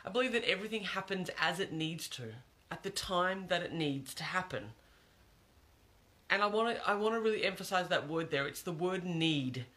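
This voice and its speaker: A man's voice: high voice, normal speed, bright, forceful tone. A man giving an earnest, reflective monologue, repeating phrases for emphasis.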